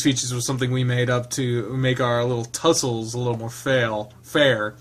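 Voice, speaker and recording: Male game streamer, narrates the visual novel aloud, halting commentary with frequent laughs. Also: medium pitch, flat delivery, a little hiss or hum.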